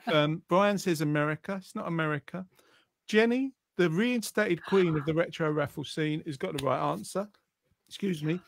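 A man with a fairly high, creaky voice hosts a live online quiz show, chatting casually at normal speed. He reads viewer comments in a jokey manner with frequent fillers, and the clean studio sound has no echo.

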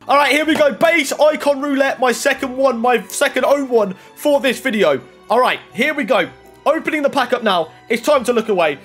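A young man giving casual pack-opening commentary, swinging from muttering to excited shouting. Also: very high voice, moderate pace, husky, soft background music. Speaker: gaming YouTuber. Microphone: desk microphone.

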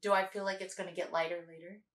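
A woman's voice: lowish voice, level tone, fast talker, a bit bright. A woman player in a casual tabletop game, hesitant, with many fillers and frequent laughs. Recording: echoey room, distant mic.

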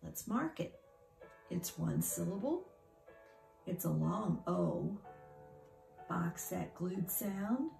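Slow, gravelly-voiced woman teaching phonics. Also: on the low side, very animated, mellow, faint music behind. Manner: slow, patient, sounds out word parts. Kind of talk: phonics lesson for young children.

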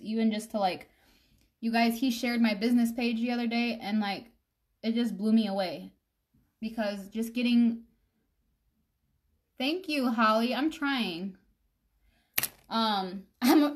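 A young woman talks through her makeup routine on a live stream. She rambles in an easy, chatty way and speaks straight to her viewers. Her voice sits at an ordinary middle pitch. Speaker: makeup vlogger. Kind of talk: casual live-stream chat while doing makeup.

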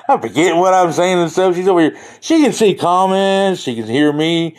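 A man's voice: sits high, expressive, moderate pace, few pauses, a little mellow. A man hosting a livestream from home, chatting in a folksy, joking way and losing his train of thought. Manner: folksy, joking, easily sidetracked. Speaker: livestream host. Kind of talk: rambling live-stream chat.

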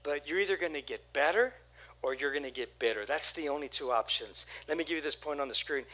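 Bright-voiced preaching pastor. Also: male voice, on the high side, brisk. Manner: animated preaching, acting out what churchgoers say. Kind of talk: sermon. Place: church sanctuary.

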